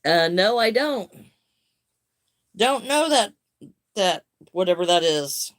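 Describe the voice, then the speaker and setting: Older woman, crafts live-streamer, slow, easy chat; mid-pitched, homey tone. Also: very animated. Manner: unhurried, friendly, greets viewers by name. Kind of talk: casual live-stream chat answering viewer comments.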